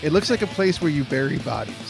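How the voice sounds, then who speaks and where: A man's voice: on the high side, expressive, fast, gravelly. A man hosting a music podcast, chatting loosely and joking with a friend over a remote call. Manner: laid-back, joking, swears casually. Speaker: podcast host. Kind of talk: casual chat. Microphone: headphones and mic on a video call.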